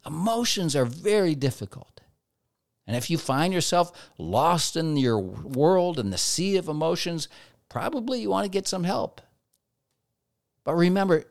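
A man's voice: fairly high pitch, gravelly. A man giving a conversational Christian teaching talk, acting out everyday dialogue in quoted asides.

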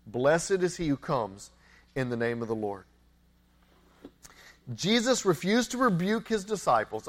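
A man's voice: high voice, fairly bright tone. A man preaching a sermon as a pastor, earnest, repeating words and asking rhetorical questions.

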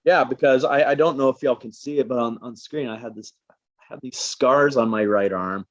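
A man speaking as a guest in a casual interview, an animated, expressive storyteller. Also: mid-range voice, normal speed, no echo, highs cut off. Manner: animated, expressive storyteller who jumps into voices. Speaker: guest, actor.

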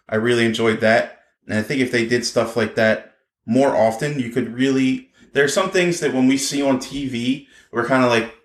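Man, podcast co-host, casual chat, animated, mid pitch, echoey room. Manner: animated, acts out quotes in high voices.

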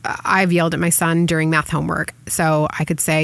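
A middle-aged woman hosting a casual parenting chat, chatty and practical with quick asides. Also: deep voice, little pitch movement, vocal fry, a bit bright, no room sound. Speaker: podcast host.

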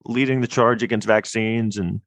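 A man's voice: on the low side, fairly even intonation, moderate pace, no echo. A man in casual podcast chat, rambling and opinionated, with lots of fillers and restarts.

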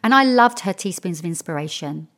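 A woman's voice: lowish voice, lively intonation, a little fast, fairly bright tone. A woman hosting a podcast, recapping guests in an effusive, upbeat manner. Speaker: podcast host. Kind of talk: episode recap narration.

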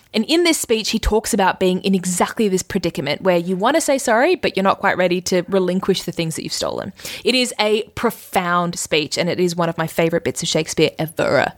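A woman hosts a casual teaching episode with a bouncy, expressive voice that rises and falls freely. She is chatty and quick to laugh between points. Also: mid-range voice. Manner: lively, chatty, laughs often. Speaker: religious teacher, host. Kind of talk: casual explainer lesson.

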